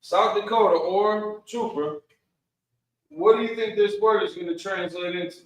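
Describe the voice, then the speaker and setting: A man teaches an online Bible class in a loose, casual way, dropping slang as he goes. His voice sits a little high and comes from away from the mic. The room around him is echoey. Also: normal speed, far from the mic. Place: Milwaukee, Wisconsin.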